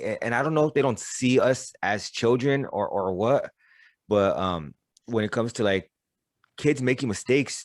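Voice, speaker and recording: A man's voice: lowish voice, no echo, studio quality. A man hosting a podcast, talking candidly and bluntly with lots of cursing and stammered restarts. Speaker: podcast host. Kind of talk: casual interview conversation.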